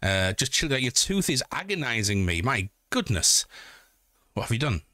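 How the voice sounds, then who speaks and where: A man's voice: medium pitch, sing-song, moderate pace, pushed and bright, dry recording, studio quality. A man with a Yorkshire accent, chatting casually on a live stream, joking and swearing as he reads out chat messages. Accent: Yorkshire (Hull). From Yorkshire, England.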